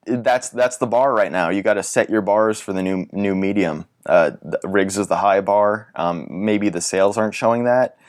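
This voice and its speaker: A man's voice: fairly low pitch, moderate pace, hardly any pauses, no room sound, clean studio sound. A man co-hosting a podcast in casual chat, laughing often and stumbling over repeated words. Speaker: podcast co-host.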